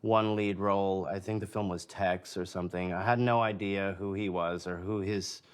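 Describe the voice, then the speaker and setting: A man being interviewed, a filmmaker recalling the casting of a film, talking in a measured, hesitant way. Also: low voice, steady tone, smooth. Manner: measured and hesitant, with many uh and you know. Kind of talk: interview reminiscence.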